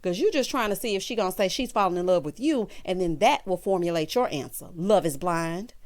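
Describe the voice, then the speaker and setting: A woman hosting a casual reality-show recap, talking sassily and straight to her viewers, with big jumps in pitch for emphasis. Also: fairly quick. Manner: sassy, animated, talks straight to the viewers. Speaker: TV recap host.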